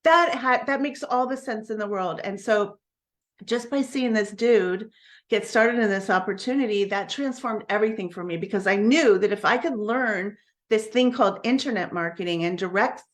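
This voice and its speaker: Woman coach with a middle-pitched voice, sharing a personal story on a live stream; candid and earnest, often restarting her sentences. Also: normal speed. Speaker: network marketing coach.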